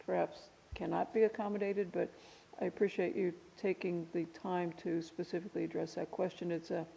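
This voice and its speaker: Gravelly, flat-voiced woman hearing examiner. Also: lowish voice. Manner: halting, muffled by a cough drop. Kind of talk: formal public hearing. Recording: long reverb in a hearing room.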